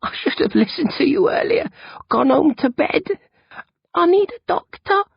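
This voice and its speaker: A man voicing a sick, trembling teenage boy who talks in a weak, hoarse, half-whispered way. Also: very high voice, very animated, normal speed, dry recording, pitched above the performer's own voice, exaggerated voice. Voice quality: hoarse, breathy. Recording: dull lo-fi recording.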